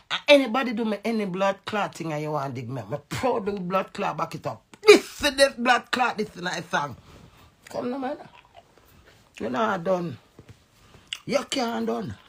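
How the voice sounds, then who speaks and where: A Jamaican woman in an angry, profane social media rant, veering between loud outbursts and low muttering. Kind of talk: ranting social media live video.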